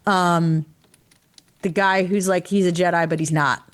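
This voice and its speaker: A tired woman co-hosting a podcast in casual chat, excited and laughing often. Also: lowish voice. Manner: excited, laughs often, puts on quick character voices. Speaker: podcast co-host.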